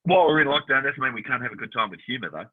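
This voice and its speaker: A man co-hosting a casual chat, telling animated stories and acting out the voices of people he quotes. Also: mid-range voice, rapid-fire, slightly rough. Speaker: podcast co-host. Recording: tinny phone-line sound.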